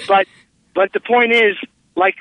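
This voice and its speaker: A man, an actor guest, telling animated stories and acting out quotes in a casual interview. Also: a little slow, vocal fry. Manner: animated storyteller, acts out quotes with big pitch jumps. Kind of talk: casual phone interview storytelling. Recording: tinny phone line.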